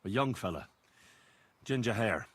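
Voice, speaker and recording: A calm young man looking into a village killing, in a video game. His voice is low and husky, his questions plain and low-key, recorded dry and close. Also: measured pace, no echo, exaggerated voice.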